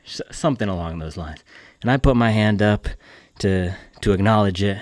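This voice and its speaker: A man talking casually to camera on a long outdoor run, animated and laughing often, a bit out of breath. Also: medium pitch, moderate pace, long pauses, no echo. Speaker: running vlogger. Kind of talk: casual vlog talk.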